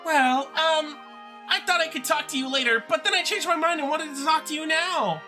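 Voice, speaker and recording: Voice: high voice, normal speed, bright, forceful tone, soft background music, voice pushed up. A streamer voicing a young, earnest and anxious sister character from a video game, reading the dialogue aloud. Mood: pleading.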